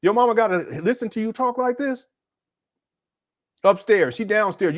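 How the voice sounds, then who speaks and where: A man's voice: sits high, moderate pace, long pauses. A man hosting a casual livestream, commenting on clips and scolding the person in them. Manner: casual, scolding, talks back at the clip. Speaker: host reacting to clips.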